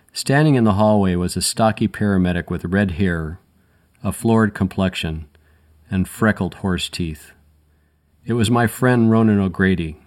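A man reads a first-person crime story aloud in a very deep voice. His delivery is measured and matter-of-fact, with a dry edge throughout. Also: a little mellow. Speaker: audiobook narrator.

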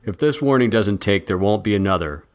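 Menacing male heavy with a gun, low and sneering, read by a man. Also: animated, fairly quick, a little mellow, close to an everyday voice. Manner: taunting, sneering.

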